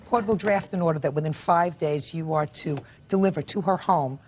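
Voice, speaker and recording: Older woman judge, blunt and brisk; low-set, no-nonsense delivery. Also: darkish tone, slight background noise. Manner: blunt, rapid-fire questioning. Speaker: TV court judge. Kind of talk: courtroom questioning.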